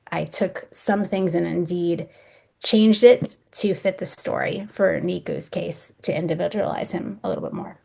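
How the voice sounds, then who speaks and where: A woman's voice: lowish voice, gravelly, darkish tone. A woman being interviewed as a guest author, explaining her choices in a thoughtful, careful way. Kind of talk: podcast interview.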